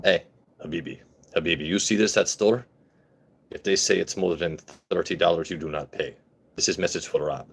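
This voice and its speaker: A man's voice: low voice, lively intonation, moderate pace, long pauses. A man doing a mock-stern shopkeeper voice. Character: man putting on a bargain-wary shopkeeper voice.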